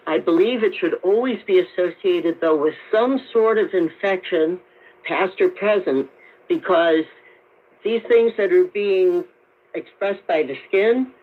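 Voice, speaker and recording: A woman doctor, a guest on a radio call-in show, who explains her points in a measured way. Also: fairly low pitch. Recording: tinny narrow-band radio broadcast.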